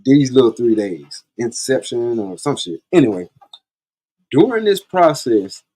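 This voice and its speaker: A man's voice: medium pitch, very animated, unhurried, warm tone, slightly rough. A man hosting a podcast, telling stories in a blunt, profane, laid-back way. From Columbia, South Carolina. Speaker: podcast host. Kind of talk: casual storytelling monologue.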